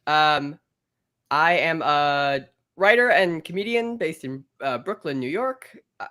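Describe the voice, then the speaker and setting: A woman's voice: low voice, animated, takes it slowly, pushed and bright. A young woman, a comedy writer, chatting upbeat with fillers over a webcam on a video call. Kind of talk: casual chat on a video call.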